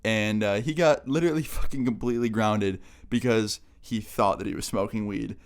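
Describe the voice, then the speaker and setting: A man's voice: fairly low pitch, normal speed. A young man vlogger telling a funny story in a casual, laughing, swear-filled way.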